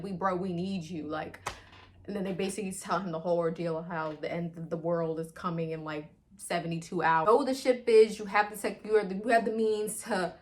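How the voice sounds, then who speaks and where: A young adult woman vlogging a casual movie review, retelling scenes in a slangy, excitable way full of "like". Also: fairly low pitch.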